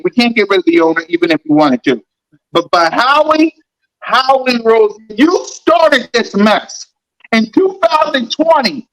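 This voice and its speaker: A man's voice: extremely high pitch, fairly bright tone, poor audio. A man hosting a sports podcast, ranting heatedly and repeating his points. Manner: fired-up, repetitive ranting. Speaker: podcast host.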